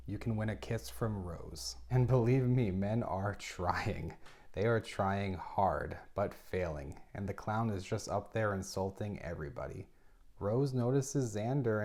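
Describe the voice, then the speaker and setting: Guy doing a chatty book recap, lowish voice, jokey little asides. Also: a little mellow. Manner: chatty, wry asides with laughs. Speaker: book review host.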